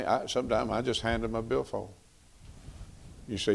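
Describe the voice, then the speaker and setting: A man's voice: on the low side, fairly even intonation, moderate pace, creaky. A middle-aged man preaching a sermon on marriage in a folksy, conversational way, repeating phrases for emphasis.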